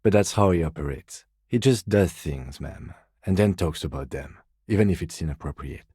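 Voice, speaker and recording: An actor playing a reserved, precise middle-aged police lieutenant in a video game, speaking in a measured, formal, dry way. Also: male voice, a bass voice, expressive, dark tone, slightly rough, no room sound, full character voice. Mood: calm, formal. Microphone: close studio mic.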